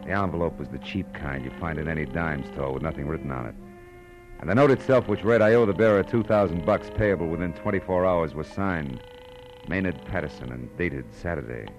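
A man's voice: deep voice, fairly quick, over music, natural voice. A man playing a world-weary, wisecracking male private detective in an old-time radio drama, also narrating the story. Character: hard-boiled male private detective, wry, dry-witted. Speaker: narrator and lead. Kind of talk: 1940s radio acting.

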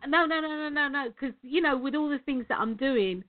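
A woman hosts a live online show in a loose, rambling way, laughing between thoughts. Her voice sits a touch high. It comes through a tinny, phone-like connection. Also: brisk. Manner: chatty, rambling, laughs often. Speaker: show host and coach.

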